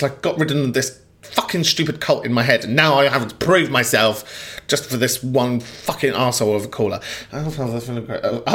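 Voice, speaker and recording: A man hosting a call-in podcast who rants and swears freely in casual chat. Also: mid-range voice. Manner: animated, ranting, swears freely. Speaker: podcast host.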